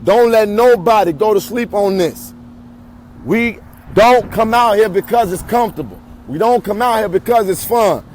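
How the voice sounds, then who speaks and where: A high-pitched man delivers a rallying protest speech outdoors, leading chants into a phone. Faint street noise sits under his voice. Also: moderate pace, darkish tone, rough recording.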